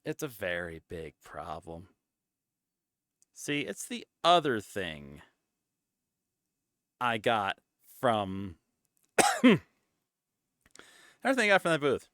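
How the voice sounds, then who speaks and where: A man's voice: lowish voice, wildly swooping pitch, slow, pauses often, fairly bright tone, no echo, studio quality. A man streaming as a VTuber, chatting casually in a playful, teasing way.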